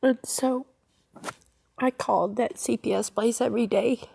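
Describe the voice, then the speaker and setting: A woman giving a personal testimony, halting, with many fillers and restarts. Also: on the high side, fairly even intonation, creaky, warm tone, slightly rough. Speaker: testimony speaker.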